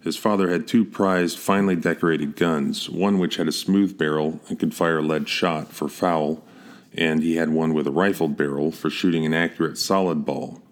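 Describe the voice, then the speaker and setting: A man reading a scripted historical narrative in a steady, measured way, with the odd slip and restart. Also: very deep voice.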